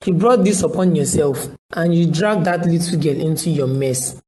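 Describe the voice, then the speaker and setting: A woman takes on a brusque, disapproving man in an animated film. Her fairly low voice has a Nigerian accent, and she delivers clipped reproaches. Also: moderate pace, lightly acted, rough recording. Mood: scornful. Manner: curt, reproachful. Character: stern busy man, harsh and scolding.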